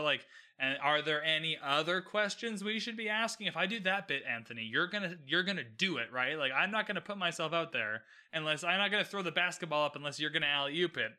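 A man in his twenties hosting a solo podcast recap, talking animatedly with many restarts and "like" fillers and acting out characters' lines. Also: fairly high pitch. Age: 20s. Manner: animated, acts out characters' lines in quick bits. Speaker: podcast host.

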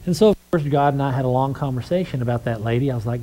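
A man's voice: mid-range voice, quick pace, few pauses, warm tone, a little hiss or hum, low-quality recording. A man preaching to a congregation, telling a personal story in a conversational way and closing in prayer. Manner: conversational storytelling, acts out quoted voices.

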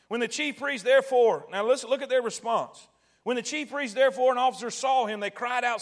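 High-voiced man preaching a dramatic sermon. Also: fairly quick. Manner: dramatic, acts out quoted voices and swells to shouts.

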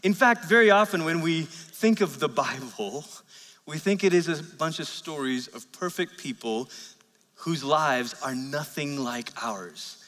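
A male pastor with a high, bright voice tells stories in his sermon in a chatty, self-deprecating way. His words ring out in a church hall with a long reverb. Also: measured pace. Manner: conversational storytelling with self-deprecating asides. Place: church sanctuary.

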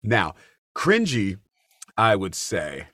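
A middle-aged man, a stage actor, telling lively stories in a casual chat, with big jumps in pitch when he quotes people. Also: takes it slowly, dry recording. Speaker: guest, Broadway actor.

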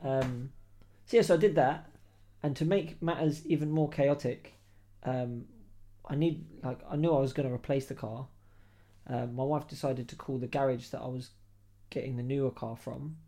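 A man hosting a podcast, telling a story in a lively, slangy, laughing way. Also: mid-range voice, normal speed. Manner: animated, slangy, laughs while telling stories. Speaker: podcast host. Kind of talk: casual storytelling chat.

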